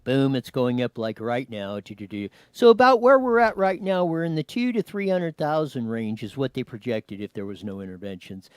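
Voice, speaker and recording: A man's voice: medium pitch, moderate pace, few pauses, clean tone, no echo. A man hosting a news show, commenting on a clip and giving cues to his producer. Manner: animated, talks to his producer, many restarts.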